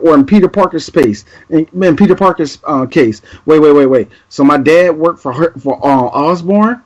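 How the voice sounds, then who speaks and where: Laughing podcast host, muffled sound. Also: male voice, fairly high pitch, moderate pace, few pauses. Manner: laughing, playful, teasing. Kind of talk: casual podcast chat.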